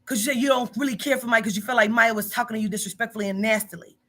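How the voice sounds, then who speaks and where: Woman boss going off at an employee, swearing, repeating herself, high bright voice. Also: very fast. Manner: confrontational, profane, emphatic repetition. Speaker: boss of a psychic reading business. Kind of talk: heated monologue to a staff member.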